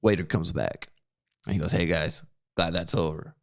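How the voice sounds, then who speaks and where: A man with a low, gravelly voice speaks at a moderate pace while co-hosting a podcast. He tells a story in casual chat, animatedly acting out what others said and often repeating his words.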